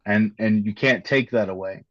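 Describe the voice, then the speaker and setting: A man talking candidly as a podcast guest, earnest and halting, often repeating words. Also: on the low side, a bit bright, no echo, dull audio. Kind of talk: candid conversation.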